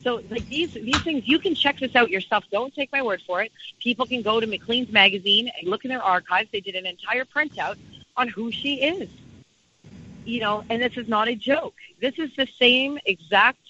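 Intense, bright-voiced woman guest. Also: a little high, normal speed, breathy edge, muffled recording. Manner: emphatic, repeats key phrases. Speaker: campaign organizer, guest. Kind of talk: impassioned interview talk.

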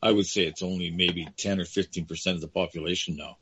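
A man's voice: low voice, fairly even intonation, fast, fairly bright tone, muffled recording, slight background noise. A man hosting a talk radio interview, emphatic and indignant, often addressing his guest directly. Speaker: radio host.

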